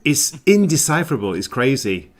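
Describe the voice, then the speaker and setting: A British man talks loosely with friends on a live stream. His voice sits at an ordinary middle pitch. He is chatty and jokey and drifts into playful accent imitations. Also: very animated, normal speed. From Britain. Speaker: panelist. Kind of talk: casual live-stream chat.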